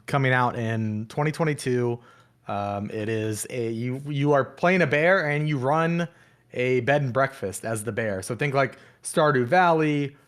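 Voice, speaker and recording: A man co-hosting a casual podcast chat, explaining a game in a relaxed way with fillers. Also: mid-range voice, clean tone. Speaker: podcast co-host.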